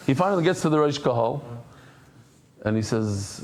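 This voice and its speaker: A Daf Yomi teacher leads a Talmud class with animated storytelling, acting out characters in different voices and mixing in Hebrew and Yiddish terms. His voice is on the high side and creaky, moving at a moderate pace with frequent pauses.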